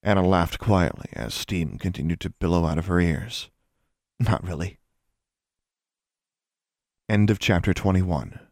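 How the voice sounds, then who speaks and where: A man with a very deep, gravelly voice reads a fantasy chapter aloud. His narration is measured and even. The recording is dry and close. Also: dry recording. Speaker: audiobook reader. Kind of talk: storybook narration.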